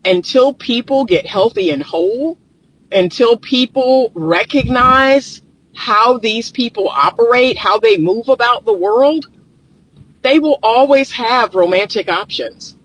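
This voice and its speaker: This relationship therapist has a very high, fairly bright voice, groggy with morning, animated yet slow. He's outside in the sun recording casual vlog commentary on a phone held or propped near him, repeating points emphatically to his viewers, and the highs are cut off.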